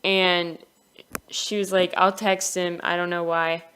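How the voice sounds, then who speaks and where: A woman's voice: lowish voice, level tone, slow, a bit bright, smooth. A young woman casually telling a personal story for her animation channel, giggling often and acting out the quoted lines.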